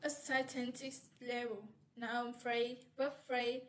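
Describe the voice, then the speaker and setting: A woman student reading a class presentation, halting and restarting as she goes. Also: on the high side, flat delivery, a little hiss or hum, low-quality recording.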